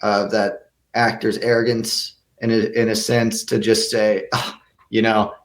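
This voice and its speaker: A young man gives earnest answers in a casual interview, his voice sitting a little low. He often trips over his first words and starts again before the thought comes out. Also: little pitch movement, unhurried. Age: young adult. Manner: earnest, with many restarts and stammered repeats. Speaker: guest actor.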